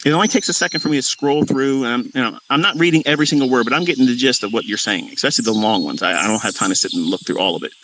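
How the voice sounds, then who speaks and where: A man's voice: mid-range voice, racing, few pauses, a bit bright, slight background noise. A middle-aged man who teaches trading, speaking to his viewers in a fervent, preachy monologue with emphatic repetition. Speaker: trading educator.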